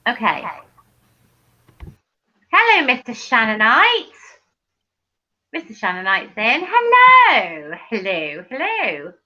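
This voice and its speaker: A woman hosting a casual livestream over a video call, excitable, reading chat aloud and laughing often. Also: on the high side, slow, pauses often, dull audio. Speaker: livestream host. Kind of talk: casual live-stream chat.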